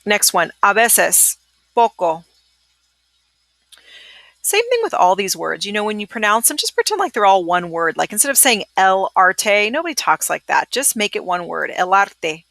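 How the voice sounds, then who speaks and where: Gravelly, bright-voiced woman teaching pronunciation. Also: medium pitch, very animated, no echo. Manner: modeling words slowly, then repeating them at natural speed; encouraging, asks listeners to repeat aloud. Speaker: Spanish teacher. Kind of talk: recorded vocabulary pronunciation lesson.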